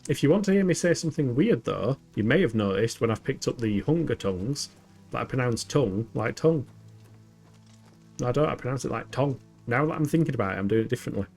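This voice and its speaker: A man's voice: medium pitch, vocal fry, darkish tone. Man, young, game streamer, playful giggly banter, desk mic, faint game music behind. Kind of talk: casual gameplay livestream. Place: home gaming setup.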